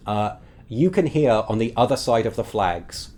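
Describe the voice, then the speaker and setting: A man's voice: mid-range voice, animated, normal speed, a little mellow. A man running a tabletop game as game master, describing scenes at length with frequent fillers.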